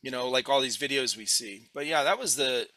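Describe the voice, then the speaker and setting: Bright, blunt podcast host man. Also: medium pitch, brisk, no echo. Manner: blunt, swearing, animated storyteller. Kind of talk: casual podcast chat.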